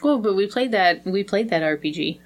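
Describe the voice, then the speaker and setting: A woman's voice: mid-range voice, animated, brisk. A woman co-hosting a podcast, arguing her point in a firm, persistent way. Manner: firm, argumentative. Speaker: podcast co-host. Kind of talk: casual podcast discussion.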